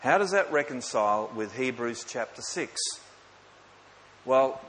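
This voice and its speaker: A man's voice: mid-range voice, lively intonation, a little slow, a bit bright. A man preaching a sermon, emphatic, with rhetorical questions to the congregation and light joking asides. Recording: echoey hall with faint hiss.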